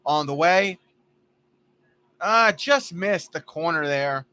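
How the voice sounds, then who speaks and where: A man doing casual play-by-play for a fan livestream, chatty and jokey, drifting into stories between pitches. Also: lively intonation, takes it slowly, pushed and bright, smooth.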